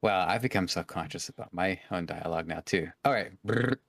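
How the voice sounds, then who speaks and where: Male co-host, somewhat low-pitched, dry and self-mocking, casual chat. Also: a little fast, gravelly. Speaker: podcast co-host. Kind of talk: casual podcast chat, reading from an article.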